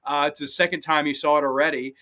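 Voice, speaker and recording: Bright-voiced excitable male podcast host. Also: a little high, fast talker. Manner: excitable, swears casually, reads out live comments. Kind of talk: casual chat.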